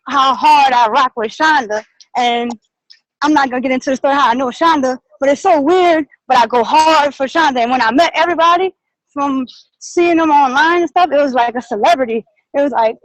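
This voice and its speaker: A woman out of breath tells the group what moved her, her voice high and close with no room sound. She rambles with excitement and real feeling. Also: no room sound, low-quality recording. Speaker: team member sharing on a call. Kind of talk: casual testimonial share.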